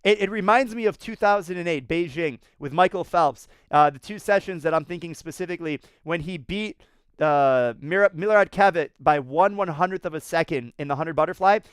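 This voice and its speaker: A man hosting a swimming race recap, talking excitedly, laughing and often repeating himself. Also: on the high side, brisk, smooth, dry recording, clean studio sound. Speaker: swimming analyst host.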